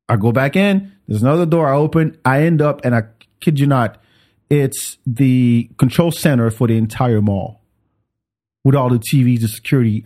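Animated man telling a story. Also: mid-range voice. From France. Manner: animated, acts out voices in his stories. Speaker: podcast host. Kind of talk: casual storytelling chat.

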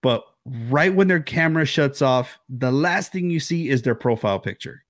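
A man co-hosting a casual film podcast from home, telling the story with lively acted-out reactions and frequent swearing. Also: mid-range voice, normal speed. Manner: animated storyteller, swears freely, acts out reactions. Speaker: podcast co-host. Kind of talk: casual movie-discussion chat. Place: home, recording remotely.

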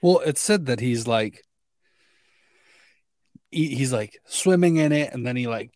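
A man's voice: medium pitch, lively intonation, a little slow, a little mellow, dry recording. A young man joins a casual chat, talking in loose sentences full of restarts. His voice sits in a middle range. The sound is dry and close. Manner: rambling, many likes and restarts. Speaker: podcast co-host.

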